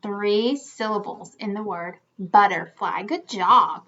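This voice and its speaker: A woman teaching a children's lesson, speaking clearly and slowly as she demonstrates for young learners. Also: mid-range voice, fairly bright tone, slight background noise. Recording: slightly dull lo-fi sound.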